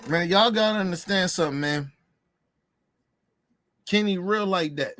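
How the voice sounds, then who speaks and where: A man's voice: high voice, measured pace, a bit bright, slight background noise. A man hosting a podcast, ranting in a heated, profane way and repeating himself for emphasis. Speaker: podcast host. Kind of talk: casual ranting commentary.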